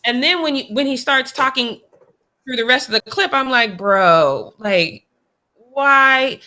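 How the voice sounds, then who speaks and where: Bright, emphatic woman co-host. Casual sports talk, opinionated. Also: sits high, normal speed. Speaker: podcast co-host.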